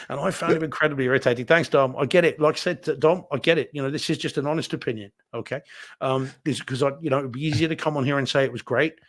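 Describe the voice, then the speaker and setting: A man's voice: mid-range voice, fairly even intonation, quick pace. A man, co-hosting a live home theater show and giving a candid, rambling film opinion with many restarts. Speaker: podcast co-host reviewing movies. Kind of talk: casual live-stream chat.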